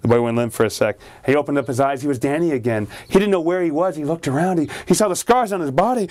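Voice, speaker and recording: A male storyteller spins a spooky tale aloud at a middle pitch. He leans into the drama, lifting his voice for pleading parents and sinking it for menace. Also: lively intonation, quick pace, hardly any pauses, a little mellow. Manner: dramatic, acts out the characters with voice shifts. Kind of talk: told ghost story.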